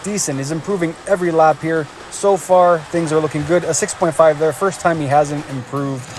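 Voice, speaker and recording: A man giving energetic play-by-play commentary on a race as the show's host, calling lap times and cheering the drivers on. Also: on the high side, normal speed, slight background noise.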